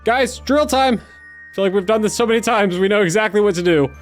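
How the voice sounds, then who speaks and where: A young man giving excitable let's-play commentary as he plays, talking to himself and his viewers, often stammering and restarting his sentences. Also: high voice, a little fast, faint music behind. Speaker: gaming YouTuber.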